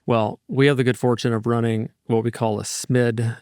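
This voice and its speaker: A man in his fifties speaks as an interview guest, tumbling from one example into the next with restless energy. His voice is smooth and resonant at a middle pitch. It is recorded dry and close, with no room sound. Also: normal speed, no room sound. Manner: energetic, rambling, digressive storyteller. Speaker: market strategist guest. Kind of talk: casual interview talk.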